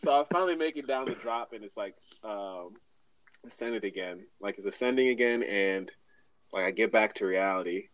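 A man telling a story in casual chat, animated and often laughing, acting out his own quotes. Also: on the low side, moderate pace, dry recording, low-quality recording.

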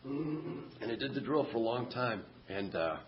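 A man's voice: mid-range voice, expressive, measured pace, muffled recording, slight background noise. Man, candid. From Massachusetts, USA. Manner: candid and self-mocking. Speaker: recovery meeting speaker. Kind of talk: personal story at a meeting. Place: meeting hall.

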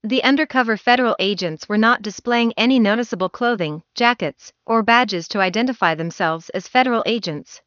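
A woman's voice: a little high, a little fast, hardly any pauses, a bit bright, no echo. Woman news reporter from Canada, formal and wordy delivery, dry and slightly muffled sound. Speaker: field reporter.

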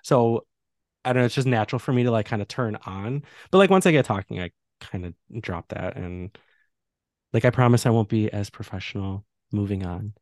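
A man's voice: lowish voice, fairly quick, darkish tone, no echo, clean studio sound. A young man with a Chicago accent, co-hosting a podcast in easygoing casual chat with lots of fillers. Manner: easygoing, many fillers, playful. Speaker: podcast co-host.

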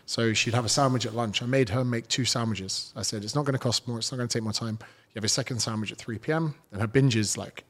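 A man's voice: mid-range voice, fast talker, a bit bright. Blunt, foul-mouthed British man. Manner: blunt, swears freely, storytelling. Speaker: guest, fitness trainer. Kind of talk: casual podcast interview.

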